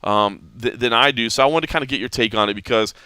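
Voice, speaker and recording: Man, podcast host, bright tense voice, dry close sound, animated casual chat, lots of restarts. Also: mid-range voice, fast, clean tone, dry recording. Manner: animated storytelling with many restarts.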